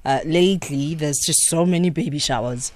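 A man's voice: on the high side, moderate pace, dry recording. A man hosting a radio show, chatting casually in a studio with many fillers. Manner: relaxed, filler-heavy, hums while chewing. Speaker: radio host. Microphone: studio microphone.

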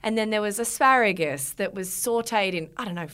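A woman's voice: mid-range voice, brisk, a bit bright, clean tone. A woman in her thirties, co-hosting a parenting chat in a frank, joking way. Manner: frank, jokey, swears casually. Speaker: parenting podcast co-host. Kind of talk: casual chat.

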